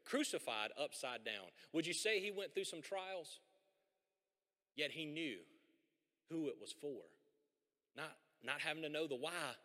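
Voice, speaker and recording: A man preaching a sermon as a pastor, animated and conversational, with folksy asides. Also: a little high, unhurried, long pauses. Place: church sanctuary. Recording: long hall reverb.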